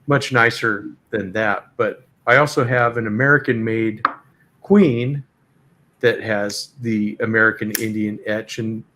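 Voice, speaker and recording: A man's voice: medium pitch, a bit bright. A man hosting a casual live chat, easygoing and hesitant with lots of fillers. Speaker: host.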